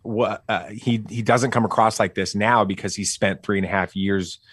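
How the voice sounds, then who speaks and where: A middle-aged man telling a family story casually as a podcast guest, animated and full of fillers and restarts. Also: fairly low pitch, moderate pace, breathy edge, no echo, studio quality.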